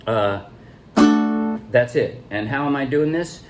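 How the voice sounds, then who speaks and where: Relaxed man explaining ukulele strums. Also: medium pitch, loud music behind the voice. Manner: relaxed, halting explanations with counting and calling out strums. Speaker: ukulele teacher. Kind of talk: casual music tutorial.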